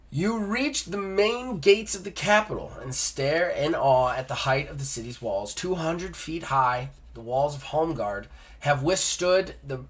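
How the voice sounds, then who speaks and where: A man's voice: fairly high pitch, expressive, unhurried. A man hosting a solo gamebook play-through, reading the passages aloud and breaking off for casual joking asides. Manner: reads text then jokes in casual asides. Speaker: host.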